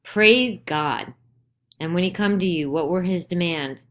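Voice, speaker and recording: A woman's voice: fairly low pitch, measured pace, fairly bright tone. A woman voicing a stern older male judge who questions urgently and insistently in a dramatized play reading. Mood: pressing.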